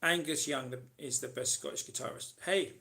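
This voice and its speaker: In a gravelly mid-range voice at a moderate pace, a man hosts a casual live question-and-answer stream. He reads viewer comments and answers them chattily and loosely, with frequent ums and restarts.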